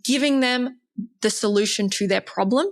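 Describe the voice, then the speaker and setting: A woman's voice: fairly high pitch, moderate pace. A woman hosting a podcast, telling a workplace story in a chatty way, with lots of "like". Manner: storytelling, chatty, uses "like" often. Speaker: podcast host. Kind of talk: casual chat.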